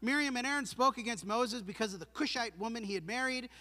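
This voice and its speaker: A man's voice: extremely high pitch, fast talker, pushed and bright. A man preaching a sermon in a church, earnest and emphatic, posing rhetorical questions to his congregation. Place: church sanctuary. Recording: long hall reverb.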